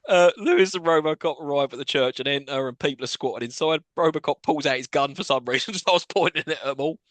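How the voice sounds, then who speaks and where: A man's voice: on the high side, fast, fairly bright tone, dry recording. A man co-hosting a podcast, animatedly recapping a film's plot and mocking scenes in put-on voices. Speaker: podcast co-host. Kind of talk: casual film-review chat.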